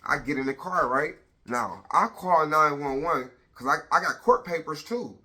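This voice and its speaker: A man's voice: on the high side, expressive, normal speed, bright, forceful tone. A man in his thirties telling a personal story on a casual vlog, blunt and profane, retelling it with lots of energy.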